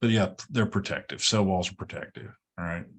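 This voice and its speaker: Guy teaching a class, low voice, lots of ums and okays. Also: brisk. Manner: relaxed, repeats words, many ums and okays. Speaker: college instructor. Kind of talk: classroom lecture.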